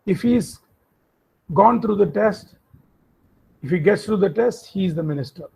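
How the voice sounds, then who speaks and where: A man's voice: high-pitched, expressive, a little slow, creaky, mellow, breathy edge, exaggerated voice. A man voicing a king who reassures and placates his wife. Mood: placating. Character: king, indulgent henpecked husband. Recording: dull lo-fi audio.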